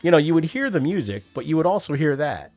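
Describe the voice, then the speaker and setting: A man's voice: a little high, big pitch swings, fast talker, a little mellow, faint music behind. A man telling a wry, profane story about his childhood, now and then acting out the voices of the people in it. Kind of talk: personal storytelling monologue.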